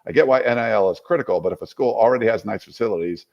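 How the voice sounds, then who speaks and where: A man's voice: on the low side, very fast, vocal fry, highs cut off. A male podcast co-host in casual sports chat, talking loosely and rambling.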